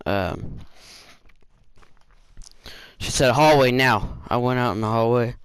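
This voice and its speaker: Taking it slowly, this gaming channel host speaks in a medium pitch with fairly even intonation. The audio is smooth with no echo as he rambles through a casual storytime, full of fillers and restarts.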